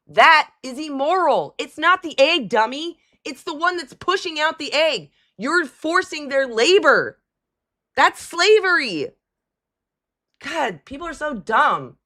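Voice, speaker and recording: Bright-voiced woman, blunt and mocking. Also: high voice. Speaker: livestream host taking callers. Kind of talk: live call-in debate stream.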